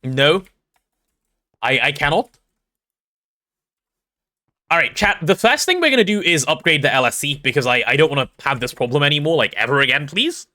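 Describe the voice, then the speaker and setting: A young English man casually chatting on a gameplay livestream, reading chat aloud and joking, quick to apologize. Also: a little high, lively intonation, sharp tone. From England.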